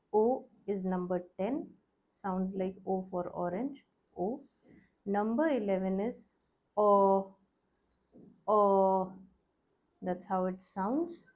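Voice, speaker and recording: A woman's voice: medium pitch, mellow. A young woman teaching a language lesson, explaining how to write letters step by step and patiently repeating each sound.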